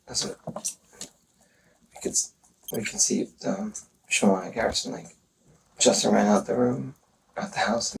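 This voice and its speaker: A man recounting events in a police interview, speaking haltingly and hesitantly with many pauses. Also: mid-range voice, big pitch swings, vocal fry. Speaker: murder suspect in a police interview. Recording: distant interview recording with faint noise.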